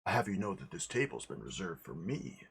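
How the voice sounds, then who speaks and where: A man's voice: sits low, very animated, brisk, vocal fry, a bit bright, breathy edge, full character voice. A man voicing a rowdy, bullying soldier sergeant who roars and blusters. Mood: aggressive. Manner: roaring, blustering.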